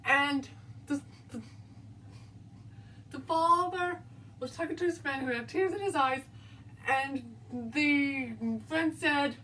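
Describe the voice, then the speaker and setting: A woman's voice: high voice, sharp tone. A woman telling a spooky story in a casual, rambling way, full of halts and restarts. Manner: rambling, halting narration with restarts. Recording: distant mic, faint background noise.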